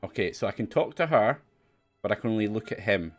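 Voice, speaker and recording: Animated man roasting a retro game. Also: on the low side, quick pace, faint music behind. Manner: chatty, mocking the game's acting. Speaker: let's play streamer. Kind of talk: casual let's play commentary.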